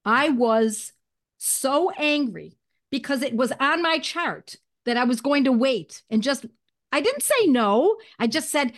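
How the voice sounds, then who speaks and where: A woman guest in an interview, telling a personal story in an animated way and clearing her throat now and then. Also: high-pitched, unhurried. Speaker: guest, homeopathy educator.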